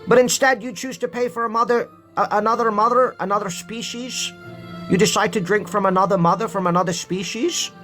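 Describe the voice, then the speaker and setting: A man's voice: sits high, fairly even intonation, brisk, pushed and bright, faint music behind. A man live-streaming from home, urging his viewers in a preachy way and repeating points for emphasis. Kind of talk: impassioned live-stream monologue.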